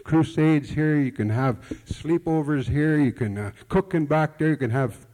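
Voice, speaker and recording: A man's voice: fairly high pitch, normal speed, warm tone. A man preaching a sermon in a folksy, conversational storytelling manner, often repeating words, with nonstandard grammar. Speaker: pastor. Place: church hall. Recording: long hall reverb.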